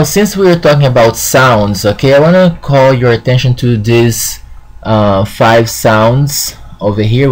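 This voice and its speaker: A man teaching a Spanish lesson who talks slowly, says "okay" often and sounds out words with care. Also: medium pitch. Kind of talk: classroom lesson.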